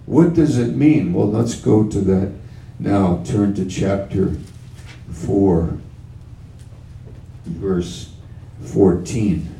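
Slow, low-voiced preacher in a roomy hall. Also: male voice, vocal fry, dark tone, far from the mic, a little hiss or hum. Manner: slow, emphatic, with repeated phrases. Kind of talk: sermon. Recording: roomy sound from off-mic.

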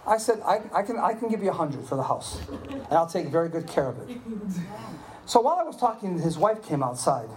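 Older man preaching, in his seventies, lively storytelling sermon, crowd reacting. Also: sits high, brisk. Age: 70s. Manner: animated storytelling, asks "Are you with me?". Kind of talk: sermon with personal stories. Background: audience responding.

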